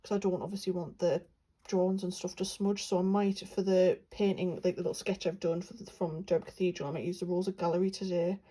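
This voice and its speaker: A young woman from England chats her way through her paint swatches, rambling and filling pauses as she goes. Her voice is mellow and a little husky. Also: fairly low pitch, little pitch movement, low-quality recording. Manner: chatty, rambling, many fillers. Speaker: art vlogger. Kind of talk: casual chat while swatching paints.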